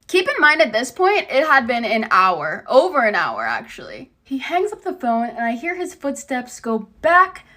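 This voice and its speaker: A woman's voice: fairly high pitch, wildly swooping pitch, normal speed, sharp tone. A young woman telling a casual storytime, blunt, sarcastic and full of swearing. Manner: blunt and heavily profane, sarcastic.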